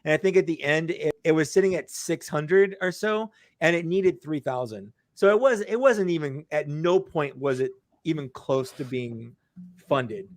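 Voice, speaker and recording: A man talking fast and animated as a guest on a casual livestream, often repeating words. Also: a little high, no room sound, clean studio sound.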